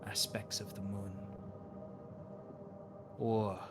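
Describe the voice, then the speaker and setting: A man doing a hushed, cryptic cat-folk cleric. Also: lowish voice, flat delivery, extremely slow, music in the background. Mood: solemn. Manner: hushed, breathy, ominous. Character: cryptic, intense tabaxi cleric woman.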